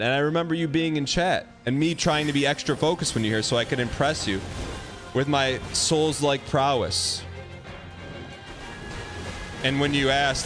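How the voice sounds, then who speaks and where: A male game streamer talks casually in a rambling, joking way and reacts to his chat. His voice sits a bit high for a man, with faint game music playing behind him. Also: steady tone, moderate pace. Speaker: gaming livestream host.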